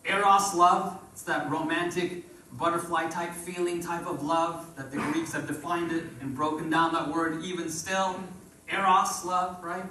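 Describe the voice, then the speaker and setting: A man's voice: fairly high pitch, flat delivery, measured pace, bright, forceful tone, slight background noise. Preaching man in an echoey church. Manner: call-and-response preaching, rises and drops in volume. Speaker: pastor. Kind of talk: sermon. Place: church sanctuary. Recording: roomy church echo from far off.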